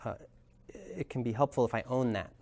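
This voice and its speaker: A man's voice: mid-range voice, normal speed, a little mellow. Thoughtful man teaching a workshop. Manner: thoughtful, searching for words. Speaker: communication trainer.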